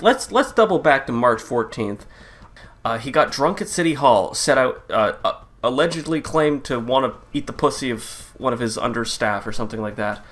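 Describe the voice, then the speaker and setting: A man riffing in a crude, casual comedic rant, laughing often and jumping into loud mocking impressions. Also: mid-range voice, lively intonation, moderate pace. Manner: profane, laughing, swings into loud mock quotes. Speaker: comedy commentary host.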